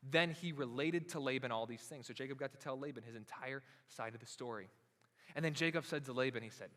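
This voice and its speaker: A man's voice: medium pitch, fairly quick, fairly bright tone, in a large hall. A man preaching a sermon as pastor, retelling a story casually and acting out its characters in everyday voices.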